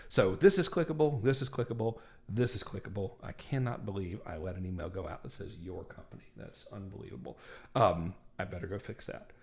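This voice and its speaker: A man's voice: deep voice, fairly quick, gravelly, darkish tone. Male marketing instructor, casual screen-share walkthrough, chatty and self-deprecating.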